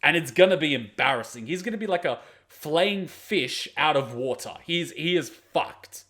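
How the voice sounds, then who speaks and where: A man's voice: fairly high pitch, animated, moderate pace, fairly bright tone. A man hosting an anime reaction video, giving blunt, profane, mocking commentary on the fight.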